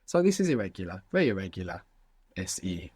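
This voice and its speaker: Male teacher, low-pitched, patient questioning, dry close sound. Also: big pitch swings, fast talker, a little mellow, breathy edge, no room sound. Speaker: language teacher. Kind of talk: guided language lesson.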